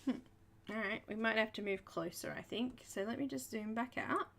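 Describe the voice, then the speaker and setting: Australian woman, art tutorial host, high voice, chatty, welcoming. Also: normal speed, vocal fry, fairly bright tone. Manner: chatty and welcoming, laughs often. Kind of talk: live coloring tutorial chat.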